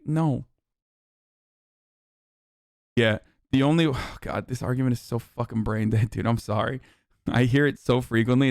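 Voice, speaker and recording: Man, stream host, heated profane commentary, smooth voice, close dry sound. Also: medium pitch, moderate pace, darkish tone, no room sound. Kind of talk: casual political commentary.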